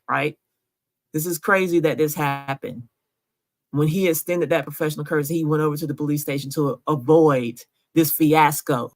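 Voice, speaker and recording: A woman giving emotional commentary over a recording, earnest and often asking "right?". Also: low-pitched. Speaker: vlogger narrating a recording.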